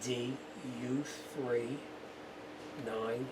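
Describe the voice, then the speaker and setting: With a mid-range voice, flat delivery and drawn-out words, a middle-aged auto mechanic walks through a how-to in his shop, talking plainly and chattily with fillers. The shop behind him is noisy.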